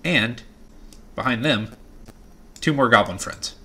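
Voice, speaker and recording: A man's voice: mid-range voice, slow, sharp tone, breathy edge. Man narrating as game master. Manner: hesitant, filler-heavy narration.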